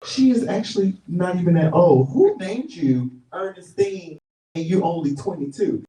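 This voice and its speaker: A man's voice: sits high, animated, normal speed, mellow. A man hosting a comedic live talk show on stage, teasing the audience with mock-serious banter. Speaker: host. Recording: roomy stage sound from far off.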